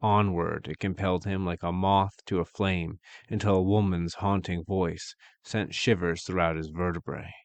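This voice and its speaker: A man narrating a dark fantasy story in a measured, dramatic way with archaic phrasing. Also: deep voice, flat delivery, dry recording.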